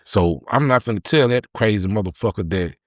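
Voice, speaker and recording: A man, a podcast guest telling a candid personal story in an emotional, halting way with many repeated words. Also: fairly low pitch, animated, no echo, studio quality.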